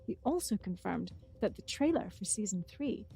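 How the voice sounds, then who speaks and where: A woman co-hosting a podcast, chatting casually and running through news items in a brisk, amused way. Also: medium pitch, expressive, vocal fry, warm tone, breathy edge. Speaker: podcast co-host.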